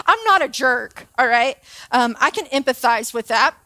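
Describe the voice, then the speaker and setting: A woman giving a storytelling sermon in a chatty, animated way, often checking in with her audience. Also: sits high, normal speed, no echo. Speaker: preacher and former teacher. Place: church auditorium.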